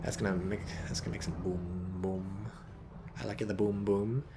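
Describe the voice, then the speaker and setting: A man's voice: deep voice, flat delivery, fast, gravelly, mellow, slight background noise. A man commentating a strategy game on a live stream, joking and rambling while reading out chat.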